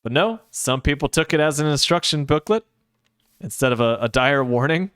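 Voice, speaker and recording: A man's voice: a little high, animated, moderate pace, a bit bright, clear, resonant tone, no echo, studio quality. A sleepy man streaming a game, chatting casually with his viewers and making rambling, sarcastic asides. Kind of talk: casual chat while gaming, answering chat.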